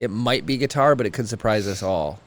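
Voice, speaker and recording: A man's voice: fairly low pitch, lively intonation, fairly quick. A man co-hosting a podcast in casual, curious chat. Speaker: podcast co-host.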